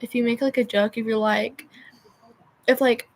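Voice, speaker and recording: A young woman rambles on a livestream, drifting off her point amid constant filler words. Her fairly high voice has little pitch movement and a moderate pace.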